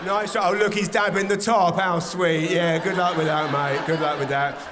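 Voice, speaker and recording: A man voicing a cheeky gang of urine droplets, taunting and shouting in a live theatre. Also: high voice, steady tone, moderate pace, noisy background, close to an everyday voice. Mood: gleeful taunting. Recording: reverberant live theatre with audience.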